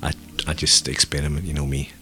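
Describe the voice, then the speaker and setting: A man's voice: a bass voice, monotone, fast talker, bright, forceful tone, faint music behind. A middle-aged man co-hosting a casual comedy podcast, rambling into bawdy wisecracks and old anecdotes. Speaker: podcast co-host.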